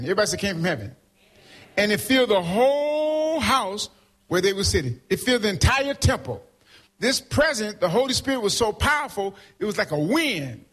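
Husky high-voiced male preacher. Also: fairly quick. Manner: call-and-response, keeps asking "right?"; animated, swings between loud and soft. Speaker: pastor. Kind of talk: preaching a sermon.

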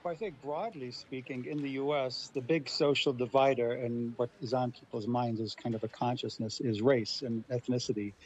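La-raised guy on a radio panel, mellow voice, bit muffled and lo-fi. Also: medium pitch, husky. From Los Angeles. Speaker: guest linguist.

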